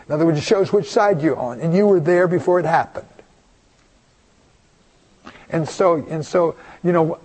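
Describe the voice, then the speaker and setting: A man's voice: fairly high pitch, darkish tone, husky. An older man preaching a folksy, rambling storytelling sermon, full of asides and restarts.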